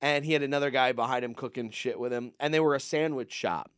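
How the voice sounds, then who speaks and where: Comedian guy rambling thru a story on a podcast, clean smooth voice, dry mic, does goofy high voices for people. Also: fast talker, fairly bright tone, no room sound. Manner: rambling anecdotes, acts out quoted people in a higher voice. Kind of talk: casual storytelling chat.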